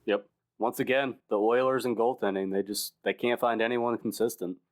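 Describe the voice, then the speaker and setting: A man's voice: mid-range voice, fairly even intonation, normal speed. A man co-hosting a sports podcast, leading segments in an upbeat, playful, casual way.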